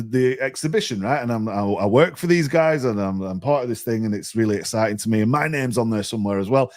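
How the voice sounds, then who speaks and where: Chatty man telling a story. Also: medium pitch. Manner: animated, chatty, often repeats words as he restarts. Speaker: guest. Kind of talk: storytelling in a podcast interview.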